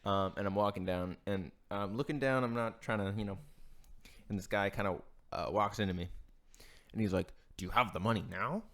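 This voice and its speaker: A man's voice: lowish voice, fairly even intonation, normal speed. A young man co-hosting a podcast, telling a story in casual chat with lots of restarts and swearing. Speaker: podcast co-host.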